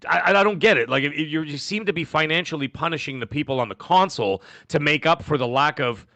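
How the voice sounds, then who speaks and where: Emphatic, bright-voiced male podcast co-host. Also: on the high side, fast, dry recording. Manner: animated, emphatic, goes off on tangents. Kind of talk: casual podcast chat.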